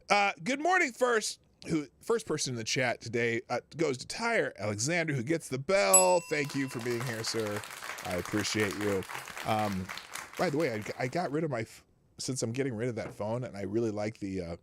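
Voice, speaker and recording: Rambling middle-aged male livestream host. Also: mid-range voice. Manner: rambling, exasperated storytelling. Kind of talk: casual live-show chat.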